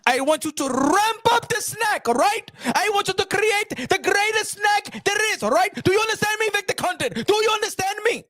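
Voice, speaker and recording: A man's voice: extremely high pitch, expressive, moderate pace, hardly any pauses, dry recording, studio quality, full character voice. A man doing a comic impression of a scheming, bossy middle-aged boxing promoter who barks demands and repeats himself. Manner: demanding, repeats questions, bursts into shouts.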